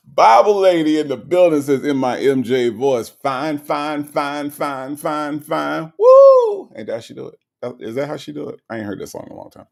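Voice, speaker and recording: A man hosting a casual livestream, reading viewer comments aloud and greeting each viewer in an animated way. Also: medium pitch, fast, vocal fry, hardly any pauses. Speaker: livestream host.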